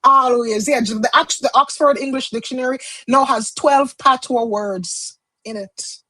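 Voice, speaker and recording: A woman's voice: high-pitched, a little slow, pushed and bright, no room sound, rough recording. A Jamaican woman, a tarot reader, chatting casually on a livestream and slipping into patois phrases. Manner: chatty, switches into patois phrases, laughs often.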